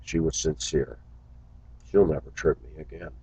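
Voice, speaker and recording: A man's voice: rumbling low, fairly even intonation, normal speed, mellow, breathy edge, dry recording, low-quality recording. A man who drives a school bus, talking earnestly to his viewers in a casual, reflective monologue full of little stories.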